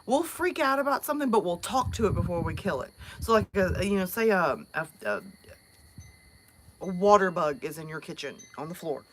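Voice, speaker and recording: A Southern woman with a fairly low voice and lively intonation talks at a moderate pace on a live stream, outdoors at night with a noisy background. Speaking in her American South accent, she rambles casually, laughing and using lots of fillers.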